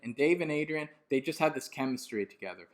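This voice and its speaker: A man's voice: a little high, expressive, fast. A man talking on his music channel in a loose, rambling way, enthusiastic and full of "you know" and self-corrections. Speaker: music YouTuber. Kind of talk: casual unscripted monologue.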